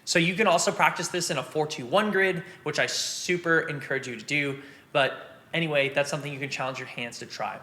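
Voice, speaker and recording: A man giving a casual drum lesson, explaining rudiments step by step and counting beats aloud. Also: on the high side. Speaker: drum teacher. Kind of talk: casual instructional talk. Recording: loud drum and click noise behind. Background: snare drumming and metronome clicks.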